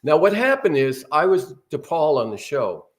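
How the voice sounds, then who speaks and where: A man's voice: on the high side, sing-song, moderate pace. An older man, a guest actor, telling rambling anecdotes in a casual interview.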